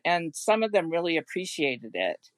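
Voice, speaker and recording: A middle-aged woman, a home care consultant, telling personal stories in a podcast interview in an earnest, gentle way. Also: fairly low pitch, very animated, normal speed, no room sound. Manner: earnest and gentle, with frequent restarts.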